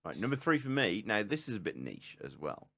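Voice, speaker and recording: A man's voice: lowish voice, big pitch swings, a little fast, pushed and bright. A man co-hosting a podcast, gushing about favourite film scenes in casual, sweary chat. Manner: enthusiastic, sweary, calls his co-host "mate". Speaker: podcast co-host.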